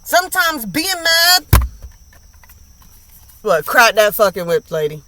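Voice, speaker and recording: A woman's voice: a little high, sing-song, takes it slowly, heavy background noise. A woman giving a casual tarot reading, blunt and emphatic, full of slang and swearing, repeating lines for emphasis. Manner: slangy and profane. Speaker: tarot reader.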